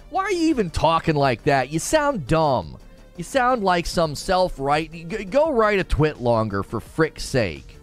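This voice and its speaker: A man's voice: a little high, huge pitch swings, unhurried, soft background music. A man hosting a live stream, reading chat aloud and ranting sarcastically about the news. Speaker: livestream host.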